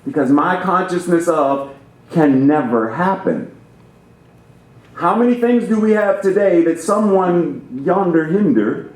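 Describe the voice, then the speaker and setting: A man's voice: high voice, animated, measured pace, a little mellow. A man preaching as a guest minister, talking with theatrical emphasis and playing with how he phrases things. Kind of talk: sermon. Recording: roomy church reverb.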